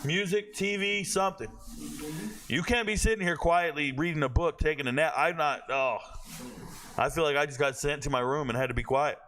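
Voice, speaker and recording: A young man streaming a football watch party, telling animated stories to his chat and swearing freely. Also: on the high side, moderate pace, slight background noise. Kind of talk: casual chat.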